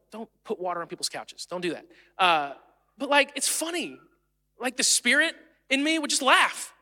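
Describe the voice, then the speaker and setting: Bright-voiced pastor in a reverberant hall. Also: male voice, high-pitched. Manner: conversational and self-deprecating, with animated storytelling. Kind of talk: sermon. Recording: long reverb of a large hall.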